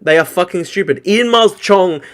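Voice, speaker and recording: A man's voice: high-pitched, a little fast, fairly bright tone. A man ranting scornfully in a live political reaction stream, swearing and mocking his opponents.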